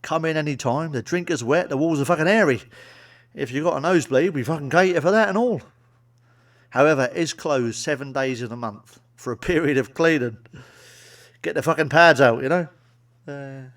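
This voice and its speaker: Sweary comedian telling crude jokes. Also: male voice, on the high side. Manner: blunt and sweary, with a chuckling aside. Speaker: stand-up comedian. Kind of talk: crude joke-telling monologue. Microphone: solo to camera, wearing a mask.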